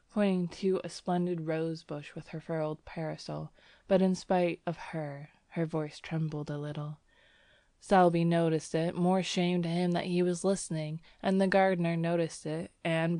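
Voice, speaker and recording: A woman reads a story aloud in a low, unhurried voice. Her delivery is gentle and even, softening for quoted lines. The sound is close and dry, with no room around it. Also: dry recording. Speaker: audiobook reader. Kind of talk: scripted narration.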